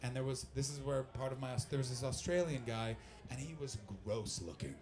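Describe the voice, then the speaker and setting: A young Canadian stand-up comedian works the crowd and tells loose, profane, animated stories. His voice sits at a medium pitch, and he talks a little fast.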